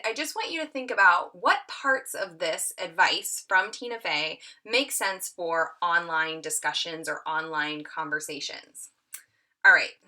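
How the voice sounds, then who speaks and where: A woman's voice: medium pitch, pushed and bright. A middle-aged woman teaching a tutorial, reading an excerpt aloud and acting out the quoted lines with lots of expression.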